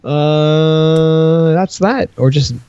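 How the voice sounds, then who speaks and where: A man's voice: on the high side, extremely slow, dark tone, clear, resonant tone, dry recording, muffled recording. A man co-hosting a casual podcast, telling long rambling stories, swearing freely and acting out quoted dialogue. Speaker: podcast co-host.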